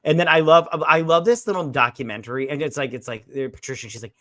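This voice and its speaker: A man's voice: fairly high pitch, quick pace, bright, forceful tone, no room sound, studio quality. A man co-hosting a casual movie review chat, rambling as he retells scenes and acts out quoted lines. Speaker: podcast co-host.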